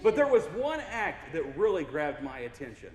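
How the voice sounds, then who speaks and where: A young man speaks from a stage as a keynote speaker, goofy and playful, swinging his pitch widely as he works the audience. His voice sits a little high for a man. It carries with a long, echoey reverb, as heard in a large hall from out in the room. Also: sing-song, normal speed, slight background noise. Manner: goofy, playful, engages the crowd. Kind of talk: motivational keynote speech.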